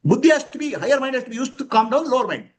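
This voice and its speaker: Male spiritual teacher, high and animated voice, emphatic with frequent chuckles, quizzes his listeners. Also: very fast. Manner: emphatic, questioning, chuckling often. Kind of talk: spiritual discourse to students.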